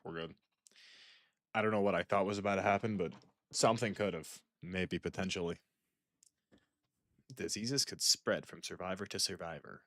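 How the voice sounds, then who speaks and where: The clean studio sound carries no echo as a young man with a low, slightly bright voice talks at normal speed, leaving long pauses. Playing a video game, this streamer chats casually, rambles, cuts himself off, and speaks to a friend off-mic.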